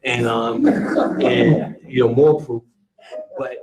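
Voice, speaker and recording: An American man tells a family story to a live audience in a lecture room, laughing, swearing and acting out quoted voices. He speaks slowly in a mid-range voice, and the room gives a roomy echo.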